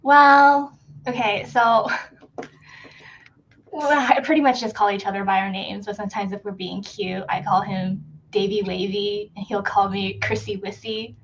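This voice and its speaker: A woman chatting casually on a reading stream, animated and giggly. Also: medium pitch, unhurried, muffled recording, slight background noise. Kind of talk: casual chat.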